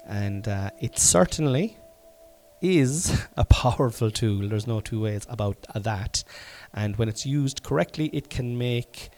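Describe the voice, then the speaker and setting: Slow-talking sick Irish man. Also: mid-range voice, animated. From Ireland. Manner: slow, rambling, profane storytelling with sudden loud bursts. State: sick with covid, congested and coughing. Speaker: podcast host. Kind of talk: casual solo podcast monologue. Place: at home.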